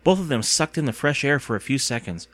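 A man narrating an audiobook with expressive storytelling. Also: mid-range voice, brisk, no echo.

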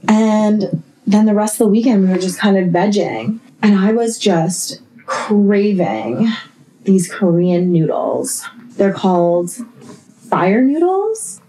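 Young woman podcast co-host, swears freely, talks in lively, filler-filled bursts. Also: medium pitch, poor audio. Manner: profane, animated, filler-heavy. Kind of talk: casual chat storytelling.

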